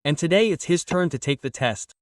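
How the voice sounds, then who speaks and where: A man narrating an anime recap in a plain, steady, repetitive storytelling way. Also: fairly high pitch, fairly quick, dry recording. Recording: dry, a bit distant from mic.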